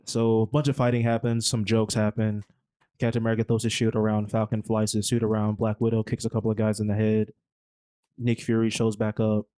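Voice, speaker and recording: A male podcast host retells a film's plot in loose, slangy, rambling storytelling. His voice sits low and flat, and the recording is dry and close to the mic. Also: a little fast, no room sound. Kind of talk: casual movie recap.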